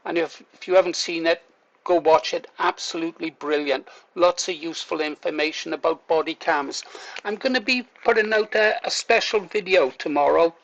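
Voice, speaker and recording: A man's voice: on the high side, moderate pace, vocal fry, a bit bright, dull audio. Chatty man telling a story. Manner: chatty, laughs through his story, swears casually. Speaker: vlogger. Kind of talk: casual storytelling to camera.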